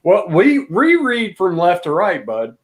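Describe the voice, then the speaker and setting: Chuckling American man, slightly high voice. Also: huge pitch swings, a little slow. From middle of the United States. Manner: laughs often, asks easy questions. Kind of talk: casual chat.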